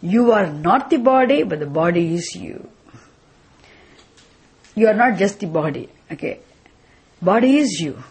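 A woman's voice: mid-range voice, animated, unhurried, pauses often, darkish tone, husky. A woman teaching a scripture class, asking questions and answering them herself, repeating the key phrases. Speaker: Vedanta teacher.

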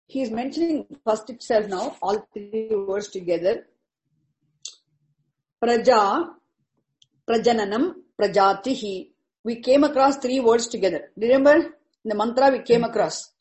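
A woman's voice: fairly high pitch, a little mellow, poor audio. A woman teaching a scripture commentary, explaining each term carefully and repeating words for emphasis. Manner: deliberate, repeats terms and explains each word.

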